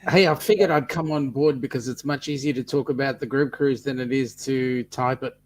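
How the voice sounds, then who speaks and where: A man joins a live chat as a guest, talking in a relaxed, easygoing way with plenty of fillers. His voice sits at an ordinary pitch, and a faint hum runs behind him. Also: fairly quick. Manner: easygoing, explains plans with fillers. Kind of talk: casual chat.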